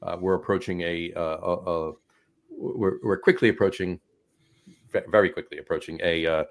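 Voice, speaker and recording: A middle-aged man chats on a casual podcast with a fairly low voice. He rambles and circles back, filling gaps with hesitations as he hunts for words. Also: normal speed. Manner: rambling, many fillers and restarts. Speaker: co-host.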